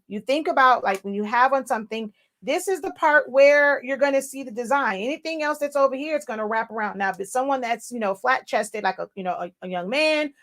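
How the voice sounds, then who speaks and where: A woman's voice: on the high side, a bit bright. Chatty woman hosting a live tutorial. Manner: chatty, loose, many fillers and asides to viewers. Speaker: livestream host teaching crafting software.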